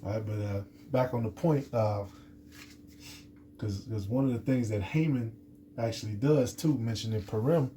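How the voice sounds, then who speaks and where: A man teaches scripture off the cuff in a deeply mellow, dark voice. He rambles, circles back and stumbles over his words with plenty of fillers. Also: moderate pace, a little hiss or hum. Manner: rambling, many restarts and fillers. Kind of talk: unscripted scripture lesson.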